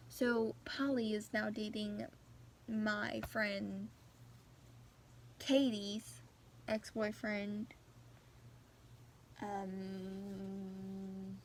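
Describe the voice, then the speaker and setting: A teenage girl rants casually about her friends. She talks in an unhurried way, with a gravelly, fry-laden voice. She rambles and gossips, with plenty of restarts and asides. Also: medium pitch, level tone, a little hiss or hum. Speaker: vlogger. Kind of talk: casual rant.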